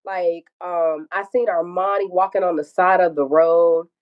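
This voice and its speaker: A woman's voice: lowish voice, steady tone, unhurried, highs cut off. A woman telling an emotional personal story, acting out dialogue and swearing freely. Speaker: guest telling her story.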